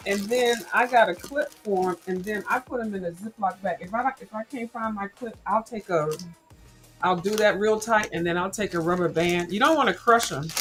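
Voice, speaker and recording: A woman with a mid-range voice hosts a casual livestream, chatting while crunching snacks right into the mic. She's sassy, blunt, and cusses freely, with background noise in the recording.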